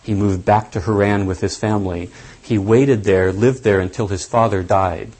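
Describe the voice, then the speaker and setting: A man giving a lecture on scripture, thinking aloud deliberately and stressing key points. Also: fairly low pitch, fairly even intonation, darkish tone, poor audio. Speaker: Bible teacher.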